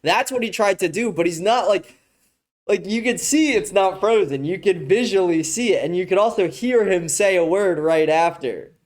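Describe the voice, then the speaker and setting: A man's voice: sits high, moderate pace. A young adult man hosting a podcast and reacting to a video clip in a rambling, profane, casual way. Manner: rambling, frequent swearing, restarts. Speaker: podcast host.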